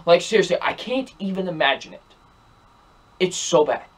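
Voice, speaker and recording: An exasperated young man rants through a movie review, hammering the same points again and again. His voice sits fairly high for a man, and his talk is emphatic and repetitive. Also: big pitch swings, moderate pace, breathy edge. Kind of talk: ranting film review.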